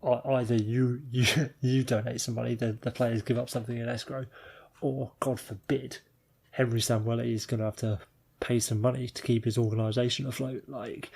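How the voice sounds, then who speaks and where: A British man co-hosting a podcast, swearing freely with a wry, drawn-out delivery. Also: mid-range voice, little pitch movement, vocal fry, dark tone, slightly rough. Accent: British English. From Britain. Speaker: podcast co-host. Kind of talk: casual chat.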